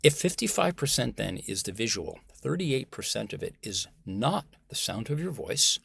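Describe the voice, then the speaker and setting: An American man, a communication professor, talking as a guest in a conversational interview, animated and emphatic. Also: on the low side, normal speed, creaky, slightly rough, dry recording. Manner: animated and emphatic, acts out example voices.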